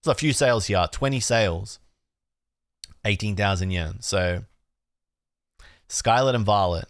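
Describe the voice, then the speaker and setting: A young Australian man chatting casually on a live stream, relaxed and talky, redoing his outro lines. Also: on the low side, unhurried, no echo, clean studio sound. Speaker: streamer and card collecting host.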